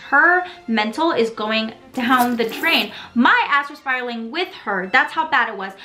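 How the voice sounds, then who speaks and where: A woman in her twenties recapping a TV episode in a casual vlog, dramatic and sassy with animated asides. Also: a little high, a little slow. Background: faint background music.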